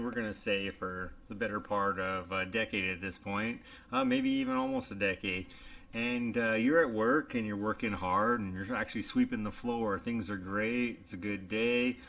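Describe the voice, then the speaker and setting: A man in his forties co-hosting a casual podcast, telling a story with lively acted-out dialogue. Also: on the low side. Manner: animated storyteller, acts out dialogue. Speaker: podcast co-host. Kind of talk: casual chat. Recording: dull lo-fi podcast audio.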